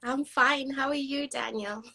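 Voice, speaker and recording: A woman's voice: high voice, steady tone, a little slow, vocal fry, pushed and bright. A woman with a Scottish accent, a guest in a casual podcast interview, speaking in a chatty, easygoing way.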